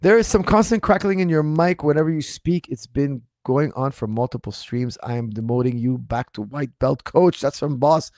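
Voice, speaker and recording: A male martial arts trainer, speaking at a medium pitch and normal speed with few pauses, replies to viewer questions on an informal livestream. His tone is animated, incredulous and derisive, and his voice sounds slightly strained. The sound is studio quality, free of room noise.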